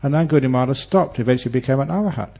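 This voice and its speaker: A man who is a Buddhist monk teacher, giving a Dharma talk and telling stories with humor and lively, varied delivery. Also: medium pitch, very fast, gravelly, breathy edge. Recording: dull lo-fi recording.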